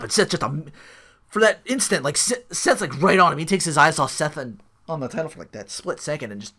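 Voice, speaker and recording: A man's voice: on the high side, animated, fairly quick, bright, forceful tone, slightly rough. A man hosting a podcast, casually recapping a show in a rambling way, full of restarts and asides. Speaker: podcast host.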